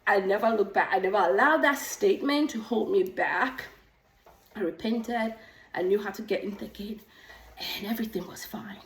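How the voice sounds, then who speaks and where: A middle-aged woman, a nurse practitioner and coach, telling stories in a casual vlog, animated and a little out of breath from pedaling an exercise bike. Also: medium pitch, normal speed. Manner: animated storytelling, acts out quoted voices. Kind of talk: casual talking-head vlog. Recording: echoey room, mic at a distance.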